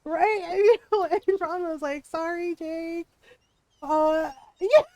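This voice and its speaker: Woman streamer, middle-aged, high voice, dry close sound, chatty storyteller who laughs a lot. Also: measured pace, warm tone, dry recording. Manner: chatty storyteller, laughs often, acts out quotes. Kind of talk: casual chat while gaming.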